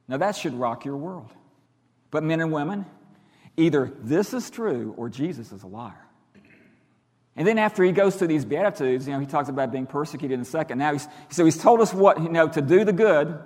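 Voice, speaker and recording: A middle-aged man preaching a sermon as pastor, emphatic, his voice rising loud and dropping quiet. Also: fairly high pitch. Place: church sanctuary. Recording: long hall reverb.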